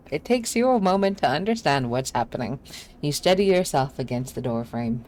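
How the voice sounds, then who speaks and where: A woman's voice: rumbling low, lively intonation, moderate pace, darkish tone. A woman streaming a game, casual and self-deprecating, reading the story text aloud.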